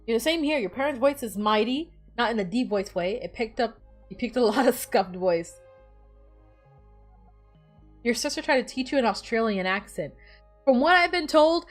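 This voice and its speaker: A woman's voice: on the high side, fairly bright tone. A woman streamer chatting casually while playing, rambling and bossing her game characters around. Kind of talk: casual gameplay chat.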